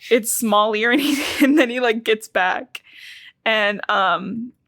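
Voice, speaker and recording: Bright, chatty young woman recapping a book. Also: a little high, takes it slowly, no room sound, studio quality. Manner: chatty, swearing, emotional retelling. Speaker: podcast co-host. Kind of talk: casual book recap chat.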